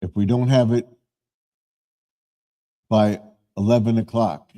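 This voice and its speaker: Low mellow guy rambling slow on his home livestream. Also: steady tone. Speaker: live stream host. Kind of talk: casual live stream chat. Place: home man cave.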